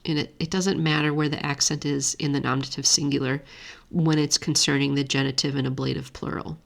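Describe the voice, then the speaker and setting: A woman with a low voice teaches a grammar lesson. She explains each point in a steady, methodical way, and her voice has a gravelly edge. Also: brisk. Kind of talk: screen-share lesson walkthrough.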